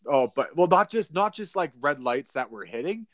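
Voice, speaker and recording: A man's voice: on the high side, lively intonation, moderate pace, dry recording, studio quality. A young man co-hosting a podcast, telling a story in a rambling way with lots of fillers and laughs. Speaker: podcast co-host. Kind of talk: casual chat.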